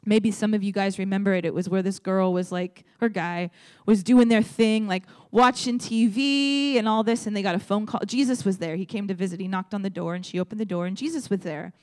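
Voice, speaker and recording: A woman's voice: mid-range voice, a little fast, few pauses, a little mellow. A young adult woman preaching a sermon in a conversational, storytelling way, speaking directly to her audience.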